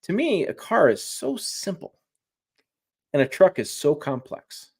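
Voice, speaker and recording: A man's voice: fairly high pitch, sing-song, a little slow, creaky, a little mellow, breathy edge. A man speaking as a guest on a livestream, chatting casually and enthusiastically, with frequent restarts and rambling asides. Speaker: guest truck reviewer.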